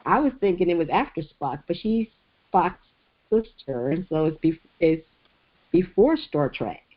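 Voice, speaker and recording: A woman hosting a podcast in a casual chat, chatty and laughing often, with halting restarts. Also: lowish voice, expressive. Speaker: podcast host. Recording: dull lo-fi sound.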